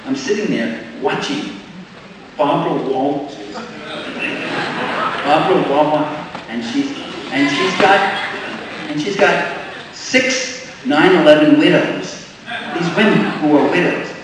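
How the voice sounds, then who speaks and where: An older man giving a sarcastic, animated political lecture to a live audience, with frequent restarts. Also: on the high side, slow, pauses often, background noise. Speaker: public lecturer. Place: large lecture hall. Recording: echoey hall, distant mic, faint ambience.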